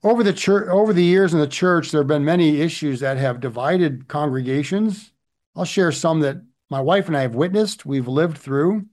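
Preaching at a normal speed, this middle-aged man has a fairly high, darkish voice. He delivers his sermon in a conversational style, repeatedly tossing in "right?" to check in with listeners.

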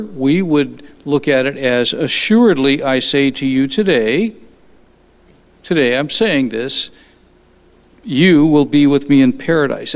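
Slow-speaking preacher man in a reverberant hall. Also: fairly high pitch. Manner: unhurried, explanatory, with frequent restarts. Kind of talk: sermon.

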